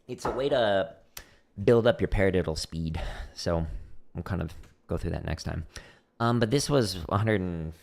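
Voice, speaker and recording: A man's voice: low voice, moderate pace, creaky, darkish tone. A man hosting a drumming livestream, chatting casually and explaining practice step by step with self-deprecating humor.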